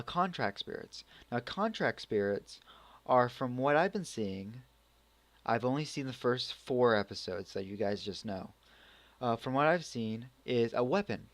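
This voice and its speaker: A man's voice: medium pitch, no room sound. A man giving a casual spoken anime review, rambling with many restarts. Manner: rambling, full of restarts and acted reactions.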